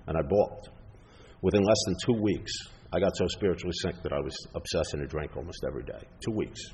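A middle-aged man sharing his recovery story at a twelve-step meeting, acting out other people's lines in lively bursts. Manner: storytelling, acts out others' lines with big jumps in pitch and loudness. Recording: long hall reverb, faint background noise.

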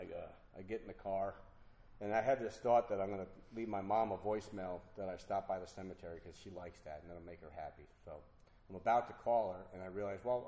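A man's voice: sits low, warm tone. Earnest man telling a recovery story. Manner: earnest, halting, with repeated restarts. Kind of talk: personal recovery story told to an audience. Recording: roomy hall with faint noise.

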